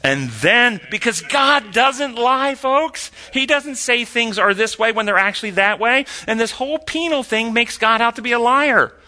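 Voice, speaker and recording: A man's voice: very high-pitched, lively intonation, normal speed, hardly any pauses, sharp tone. A man teaching a sermon-style Bible lesson, reading quotes aloud and questioning his listeners, rising sharply when he argues.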